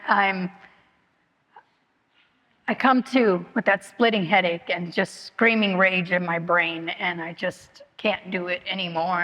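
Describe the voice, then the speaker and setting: A woman giving a candid personal testimony at a recovery meeting, talking haltingly with many fillers and restarts. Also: lowish voice, sharp tone, highs cut off. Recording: long hall reverb.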